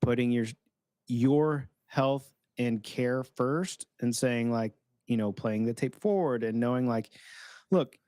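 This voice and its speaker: A man's voice: mid-range voice, slow, mellow, no room sound. A man on a casual podcast chat, explaining ideas reflectively and voicing an inner critic. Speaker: podcast co-host.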